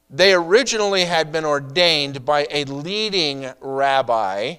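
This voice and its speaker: Middle-aged male pastor, sermon delivery, slightly high and resonant, conversational with rhetorical questions. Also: fairly bright tone, clear, resonant tone.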